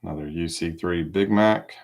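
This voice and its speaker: A man hosting a live trading card break, calling out each card in a relaxed, casual way with small asides. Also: low-pitched, normal speed.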